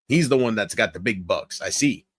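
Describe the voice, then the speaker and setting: A man streaming late at night. He keeps his voice low and rambles casually while talking straight to his viewers. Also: normal speed, husky, dry recording. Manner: relaxed, rambling, talks straight to viewers in chat. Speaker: livestreamer.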